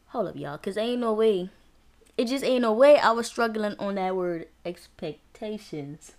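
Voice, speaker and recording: A woman hosting her own podcast in a casual, playful manner, teasing herself, stretching words out and laughing often. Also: medium pitch. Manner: animated, rhyming and drawn-out words. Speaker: podcast host. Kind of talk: casual solo podcast talk.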